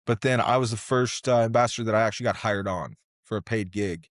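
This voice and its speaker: A man's voice: on the low side, fast talker, no echo, studio quality. A man guest on a podcast, telling his story in an earnest, passionate, rambling way with lots of fillers. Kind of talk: casual interview conversation.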